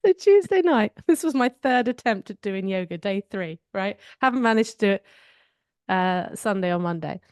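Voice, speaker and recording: Woman podcast co-host, mid-pitched, candid and reflective, dry studio-close sound. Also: expressive, moderate pace, clean tone, no room sound. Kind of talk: casual conversational chat.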